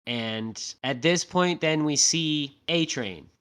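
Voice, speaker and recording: Man, podcast co-host, casual TV recap, animated, swears a lot, somewhat high voice. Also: takes it slowly, clean tone. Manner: tag questions like "right?".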